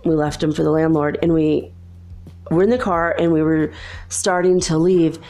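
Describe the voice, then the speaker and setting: A woman's voice: sits low, steady tone, moderate pace, mellow, faint music behind. A woman telling a personal story in a rambling, earnest way, with many asides.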